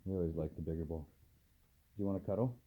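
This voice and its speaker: A man, a dog trainer, filming a casual vlog at home at night and softly murmuring to calm his dogs between remarks to the camera. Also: sits low, quick pace, breathy edge. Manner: soft, soothing murmurs to the dogs. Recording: tinny phone-like audio, faint hiss.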